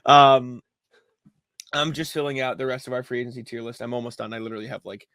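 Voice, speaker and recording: Podcast co-host dude rambling away, gravelly voice, dry close sound. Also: male voice, mid-range voice, fairly even intonation, very fast, fairly bright tone, no room sound. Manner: rambling, laughs at his own mishaps. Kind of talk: casual chat.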